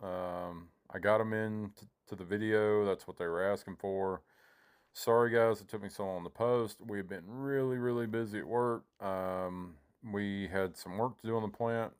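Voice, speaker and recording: A man's voice: lowish voice, steady tone, normal speed, smooth. A man giving casual, rambling commentary over his own gameplay, often breaking off mid-sentence to replay his own panicked thoughts. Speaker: gaming YouTuber.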